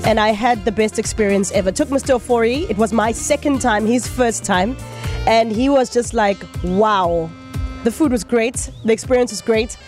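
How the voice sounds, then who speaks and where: A woman's voice: a little high, a little mellow. A woman hosting a radio show, talking in a bubbly, chatty, playful way. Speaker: radio host. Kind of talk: upbeat radio chat.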